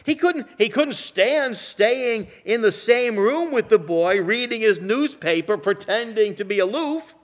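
Slow, lively preacher with a high voice. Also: male voice. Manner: slow, dramatic delivery, drops to a hush for emphasis. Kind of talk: sermon with illustrative stories.

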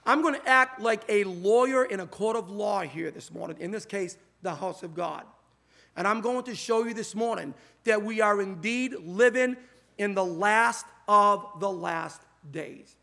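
A man's voice: high-pitched, vocal fry, sharp tone. A man preaching a sermon from a church pulpit into a microphone, drawing out words for emphasis and quoting scripture. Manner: emphatic, drawn-out preaching delivery with scripture quotes. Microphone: pulpit mic.

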